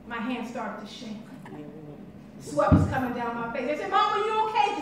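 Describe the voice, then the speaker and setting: Woman keynote speaker, high-voiced and impassioned, recorded off-mic in a roomy hall. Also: lively intonation, a little fast, fairly bright tone, slight background noise. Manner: storytelling, rising and falling intensity. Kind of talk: impassioned conference speech. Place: conference hall. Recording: echoey hall from far off.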